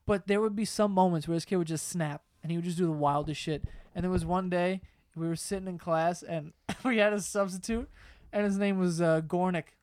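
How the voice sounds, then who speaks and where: A man's voice: sits high, fairly even intonation, a little fast, a little mellow, smooth, no room sound. A young man hosting a podcast, casually telling stories among friends. He laughs as he talks, swears freely and acts out other people's lines. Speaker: podcast host.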